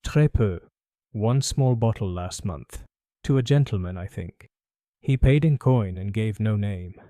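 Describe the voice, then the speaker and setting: A smooth, calculating French perfumer, voiced by a man in an audiobook mystery. He speaks with a French accent in a low, mellow tone, polite but guarded. The recording is dry and close. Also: lively intonation, a little slow, no echo. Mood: evasive. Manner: suave, polite, evasive. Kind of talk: audiobook character voice.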